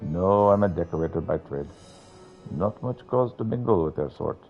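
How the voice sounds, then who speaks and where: A man voicing a gruff, shaken male tradesman who bluntly recounts a horror he witnessed, in a game. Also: low-pitched, animated, moderate pace, phone-quality sound, soft background music. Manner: blunt, swears.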